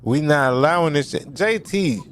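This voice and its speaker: A man's voice: on the high side, lively intonation, moderate pace, a bit bright, slight background noise. A man in casual panel talk, bantering loosely and teasing the others by name.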